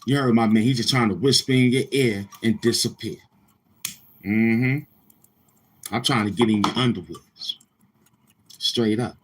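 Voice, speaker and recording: A man's voice: on the low side, unhurried, long pauses, slight background noise. A man hosting a livestream, chatting casually with viewers in a boastful, crude, repetitive manner. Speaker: livestream host.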